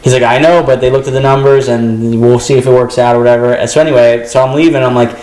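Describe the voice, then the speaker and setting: A man's voice: medium pitch, fairly even intonation, fast, darkish tone, reverberant, poor audio. A young adult man, a comedian guest, telling a rambling story in casual chat and acting out the voices he quotes.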